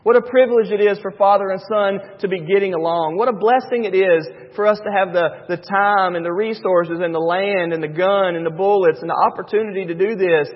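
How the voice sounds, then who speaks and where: A man preaches from the pulpit in a high, husky voice, dropping low and hushed before building to loud, excited runs. His sermon carries a long church reverb and a dull, muffled sound. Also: fairly quick, hardly any pauses. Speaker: pastor. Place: church sanctuary.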